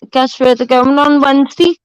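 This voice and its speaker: A woman's voice: sits high, level tone, brisk, no echo, poor audio. A woman on a video call, chatty and scattered in casual talk. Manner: scattered, chatty, half-sung asides. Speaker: panel guest. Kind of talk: casual chat.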